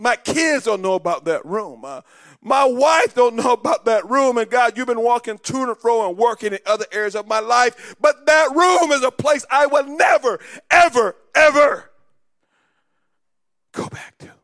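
A male pastor with a fairly high voice delivers a sermon. His preaching rises into shouts and falls into a sing-song cadence, always intense and driving. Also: lively intonation, normal speed.

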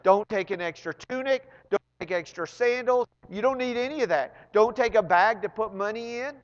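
A man preaching a sermon with animated swings between loud emphasis and hushed asides, often repeating words when excited. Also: sits high, moderate pace, long reverb tail, highs cut off. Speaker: pastor.

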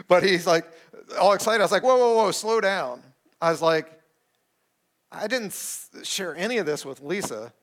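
A middle-aged pastor tells a personal story during a sermon, delivering it with animation and self-deprecating humor while acting out the quotes. His voice is on the high side.

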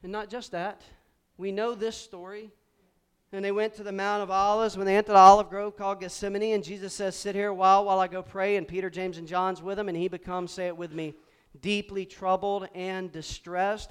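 A pastor preaching a lively sermon to a congregation and calling on them to repeat words back. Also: male voice, high-pitched, a little fast, clear, resonant tone. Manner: animated preaching with call-and-response to the congregation. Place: church sanctuary before a congregation.

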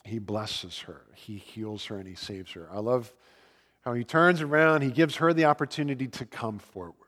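A man preaching a sermon in a conversational, storytelling way, with fillers and lively asides. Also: mid-range voice, normal speed, in a large hall. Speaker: pastor.

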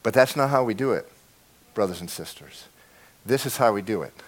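A man preaching a sermon, dropping to a hush and then rising to loud, impassioned lines. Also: fairly low pitch, expressive, fairly quick. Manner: swings from hushed to shouting, acts out prayers. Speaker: pastor.

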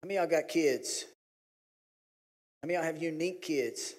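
A man, preaching a sermon in a folksy, animated way. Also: brisk. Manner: folksy, animated storytelling, pitch jumps when acting out his family. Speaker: pastor. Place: church sanctuary. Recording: long hall reverb.

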